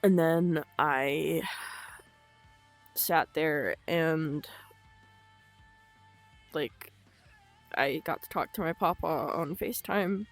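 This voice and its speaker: A young woman telling her own story in an unscripted vlog, halting and emotional, with frequent swearing. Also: low-pitched, soft background music. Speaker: vlogger.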